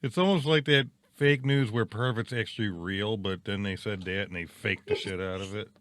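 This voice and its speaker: A man co-hosting a podcast news quiz in casual chat, relaxed as he reasons out his guesses. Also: on the low side, moderate pace, no echo, clean studio sound. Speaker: podcast co-host.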